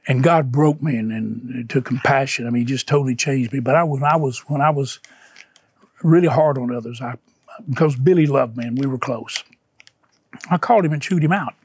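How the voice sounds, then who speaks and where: A man's voice: mid-range voice, brisk, husky, no echo. An older man, an evangelist guest, telling stories fervently in a conversation and repeating phrases for emphasis. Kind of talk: emotional storytelling in conversation.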